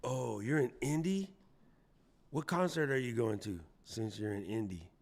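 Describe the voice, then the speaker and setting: A man's voice: medium pitch, unhurried, a little mellow, slight background noise. A man hosting a casual live stream, chatting playfully and answering viewers from the chat. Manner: playful, chatty, reads chat aloud, jokey voices. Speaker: livestream host.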